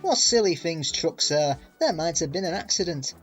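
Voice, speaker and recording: A man's voice: animated, normal speed, slightly rough, faint music behind. A proud little red engine, fretful one moment and dogged the next, chanting his words like puffs of steam. His voice sits well above the reader's own as a man puts him on for a storybook reading. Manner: high earnest puffing chant. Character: proud red male engine, anxious, determined.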